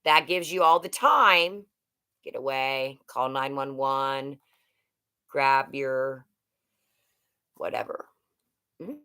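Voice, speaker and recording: Slow, low-voiced chatty woman streamer. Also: sharp tone, clear, resonant tone. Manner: rambling, chatty, reads out viewer comments. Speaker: livestream host. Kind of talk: casual live chat with viewers.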